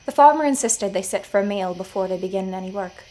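A woman narrating her own scripted audio fiction story in a measured storytelling manner. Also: medium pitch, animated, dark tone, poor audio. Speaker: writer and narrator.

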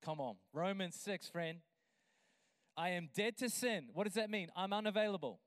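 A man with a high, smooth, resonant voice preaches a passionate sermon. He swings from easy, chatty asides to emphatic, stretched-out declarations. The sound is close and dry, with no room around it. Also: lively intonation, dry recording. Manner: passionate, builds to emphatic drawn-out lines. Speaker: pastor.

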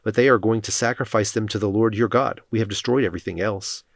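A man reading the lines of a defensive male king who pleads for pardon, in a solemn, steady reading. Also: on the low side, quick pace, creaky, dry recording. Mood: pleading.

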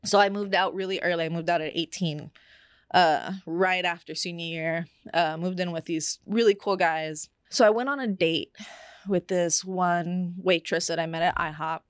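Young woman, low pitch, podcast co-host; candid, confessional storytelling, loose and full of fillers. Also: fairly even intonation, moderate pace, smooth, dry recording, clean studio sound. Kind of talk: personal storytelling in casual chat.

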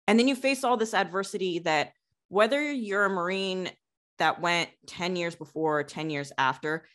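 A woman's voice: lowish voice, moderate pace, a bit bright. A woman, a Marine veteran hosting a podcast, talking earnestly in a rambling way. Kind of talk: conversational interview.

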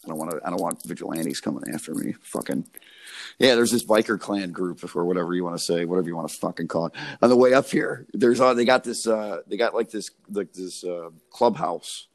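A man's voice: deep voice, a little fast. A young man talks loosely in a casual podcast chat, wandering through stories. His speech is packed with fillers and swearing, and he laughs at his own jokes as he goes. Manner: rambling, profane storytelling full of fillers. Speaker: podcast co-host.

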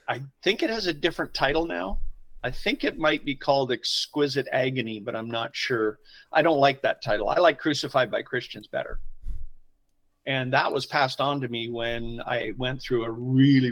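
A middle-aged man, a pastor telling personal stories in an interview, swinging from quiet asides to loud emotional bursts. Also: mid-range voice, normal speed, poor audio. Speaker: pastor, podcast guest. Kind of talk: conversational storytelling interview.

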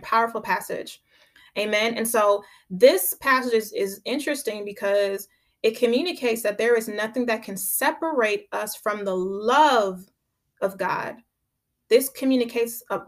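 With a mid-range voice and a fairly bright tone, a woman teaches the Bible conversationally on her podcast. She repeats her key phrases for emphasis and keeps turning to listeners with "right?"

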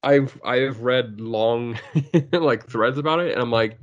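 A man co-hosting a casual podcast chat, excitable and laughing often, breaking into goofy voices. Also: mid-range voice, takes it slowly, highs cut off. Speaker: podcast co-host.

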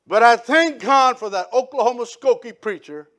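A man preaching a sermon, telling his testimony in an animated storytelling way and quoting other people. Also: extremely high pitch, moderate pace. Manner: animated storytelling with quoted voices.

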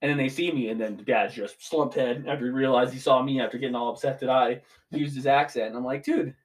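A man's voice: mid-range voice, fairly even intonation, fast talker. A young man in his twenties ranting casually as a podcast co-host, swearing freely. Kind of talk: casual chat.

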